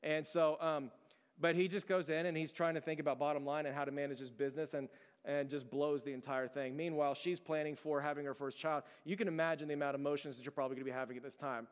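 A male pastor preaches in a fairly high, smooth and resonant voice. His delivery is conversational and earnest, with emphatic storytelling. The sound carries a long reverb, as if from a large church hall. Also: steady tone, quick pace. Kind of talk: sermon.

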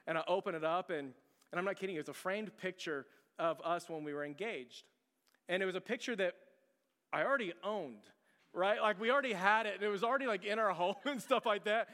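Middle-aged pastor guy telling a story from the pulpit, pretty high voice, long echo in the sanctuary. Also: a bit bright. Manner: chatty, self-deprecating, asks the audience questions. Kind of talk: conversational sermon storytelling. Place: church sanctuary. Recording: long hall reverb.

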